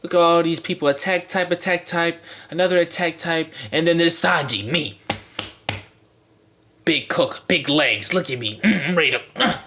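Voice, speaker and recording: A man giving goofy, hyped gameplay commentary that bursts into shouting. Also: on the high side, moderate pace, a little hiss or hum. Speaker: gaming channel host. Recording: background music clearly audible.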